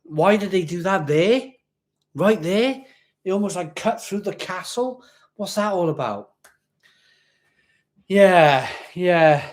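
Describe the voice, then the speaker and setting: A man from Barry in Wales with a Welsh accent, chatting casually as host of a live stream, rambling and repeating himself, with a slight growl at the back of his voice. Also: high voice. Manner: chatty, rambling, reads viewer comments aloud, repeats himself.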